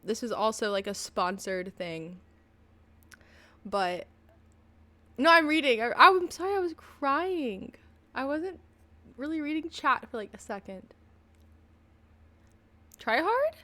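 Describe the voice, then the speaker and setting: Slow-talking giggly young-sounding woman. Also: on the high side, animated, pushed and bright. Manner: rambling, giggly, fillers like "like" and "um". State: tearful at times. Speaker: streamer. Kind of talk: casual live-stream chat. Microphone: desk microphone at a PC.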